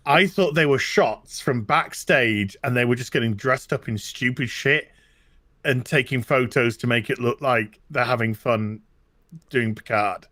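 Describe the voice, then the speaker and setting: A British man telling stories in a casual chat, animated and swearing freely. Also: medium pitch, a little slow, no echo. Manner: animated storytelling, swearing, mock accents. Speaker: co-host.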